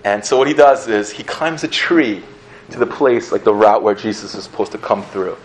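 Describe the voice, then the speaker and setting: A man preaching a sermon in a casual, animated storytelling manner, often laughing as he talks. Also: fairly low pitch, normal speed, a little hiss or hum. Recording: roomy echo, faint ambience.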